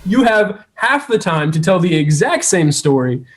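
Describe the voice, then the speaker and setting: A man moderating an improv game, encouraging and brisk as he counts players in. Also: high voice, sing-song. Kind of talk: casual game hosting.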